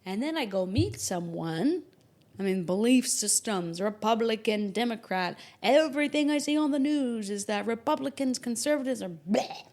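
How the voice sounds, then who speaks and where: A woman astrologer hosting a podcast in casual, animated talk, joking and acting out little imagined quotes. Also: a little high, normal speed. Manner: animated, jokey, acts out imagined quotes in varied voices.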